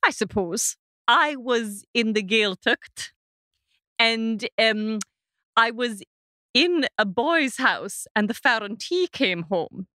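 A woman's voice: medium pitch, pushed and bright, dry recording, clean studio sound. A woman on a comedy panel who tells a rambling anecdote. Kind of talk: comic storytelling.

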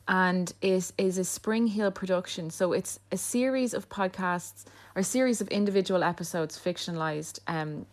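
A woman guest on a radio show, telling pop-culture gossip in an animated, casual way with many fillers. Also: medium pitch. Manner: animated storyteller, lots of fillers.

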